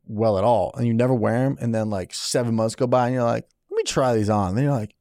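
A man's voice: mid-range voice, fast talker, dry recording, studio quality. A young man co-hosting a comedy podcast, joking casually and acting out the lines he quotes. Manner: animated, jokey, acts out his own quotes. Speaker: podcast co-host.

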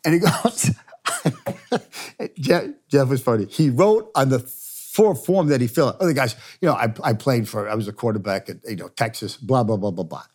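Older male interview guest, lively storyteller, mid pitch. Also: normal speed. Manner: animated storyteller, laughs while telling stories. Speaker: former football coach and CEO, guest.

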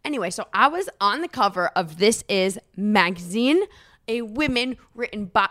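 A woman's voice: mid-range voice, lively intonation, normal speed, fairly bright tone, no room sound, clean studio sound. A woman in her thirties co-hosting a podcast, chatting casually, teasing and laughing often, speaking into a handheld mic as she paces an apartment. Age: 30s. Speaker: radio morning show co-host. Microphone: handheld mic while pacing a room.

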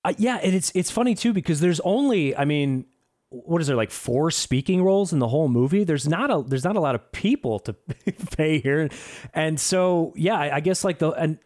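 A man with a slightly raised voice riffs on a movie in a loose podcast chat. His delivery is sarcastic and full of swearing, building into animated rants. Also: a little high, moderate pace. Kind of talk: casual movie review chat.

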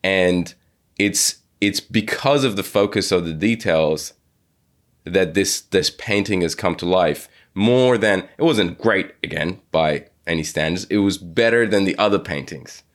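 A low-pitched man hosts a relaxed interview. He talks haltingly, circling back and restarting his sentences often. He slips into quoted speech as he tells a story. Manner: hesitant, many restarts and repeated words. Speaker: podcast host. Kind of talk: conversational interview.

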